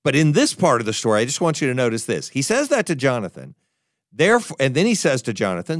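A man preaching a sermon, emphatic and animated, often stumbling and restarting his words. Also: mid-range voice, fast, no room sound, studio quality. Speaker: pastor.

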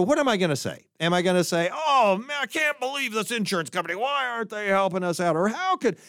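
Animated high-pitched male pastor preaching. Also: dry recording, studio quality. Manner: animated, acts out voices in anecdotes and jokes. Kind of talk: sermon.

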